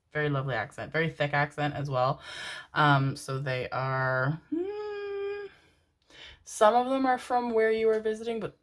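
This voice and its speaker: Young woman, low voice, casual rambling tarot reader, laughs easily. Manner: rambling, chatty, laughs and swears. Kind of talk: casual pick-a-card reading.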